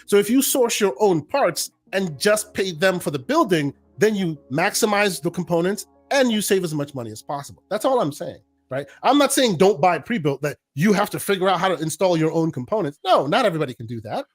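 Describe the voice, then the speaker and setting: Man, high voice, insistent, casual gaming podcast argument, faint music behind. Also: very animated, brisk, few pauses. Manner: insistent, repeats words when interrupted. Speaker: podcast co-host.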